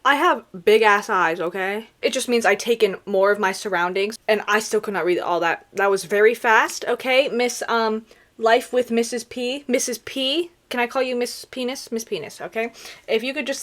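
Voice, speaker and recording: A young woman giving sarcastic, animated comedic commentary on videos, with laughing asides. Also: a little high, brisk. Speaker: reaction video creator.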